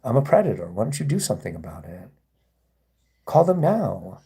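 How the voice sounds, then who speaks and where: A man's voice: medium pitch, big pitch swings, moderate pace, vocal fry, mellow, breathy edge. A man hosting a casual livestream, rambling and sarcastic as he reads and answers chat comments. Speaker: livestream host.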